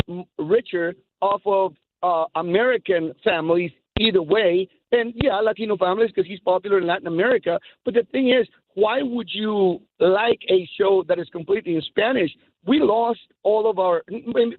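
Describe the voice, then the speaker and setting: A man's voice: sits high, no echo. A man from Guatemala calling in to a radio talk show, talking emphatically and stumbling over repeated words as he starts sentences. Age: adult, has children. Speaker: caller. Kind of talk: call-in radio opinion. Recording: tinny phone line.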